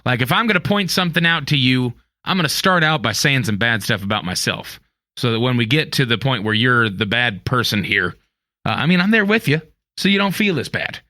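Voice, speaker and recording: Bright-voiced man, halting and wry. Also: mid-range voice, animated, no echo, clean studio sound. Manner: hesitant, restarts often, wry. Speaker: podcast co-host. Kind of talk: casual chat.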